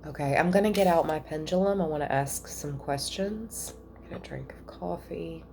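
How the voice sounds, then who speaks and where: A woman giving a casual spiritual reading at home, chatty and thinking out loud with soft asides. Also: deep voice, moderate pace, creaky, noisy background. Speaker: tarot reader.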